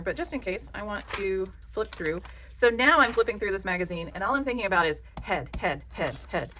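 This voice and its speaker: Southern woman craft host, lower register, warm joking encouragement, light background noise. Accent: Southern American. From American South. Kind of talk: casual craft tutorial.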